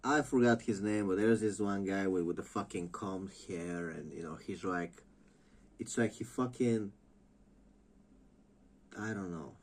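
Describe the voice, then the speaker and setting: Low-pitched man, slow profane rambling rant for a wrestling vlog. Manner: rambling, mocking, lots of filler and restarts. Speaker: wrestling commentary vlogger.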